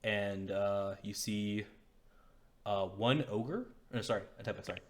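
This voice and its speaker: Man, dungeon master, low-pitched, casual rambling narration, tabletop game. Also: fairly even intonation, a little slow. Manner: casual, rambling, full of fillers.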